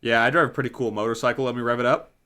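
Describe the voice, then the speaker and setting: A man's voice: medium pitch, fairly even intonation, racing, pushed and bright, clean tone. A man in his twenties chatting casually while streaming a game, rambling and swearing offhandedly. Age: 20s. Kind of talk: casual live-stream gaming chat.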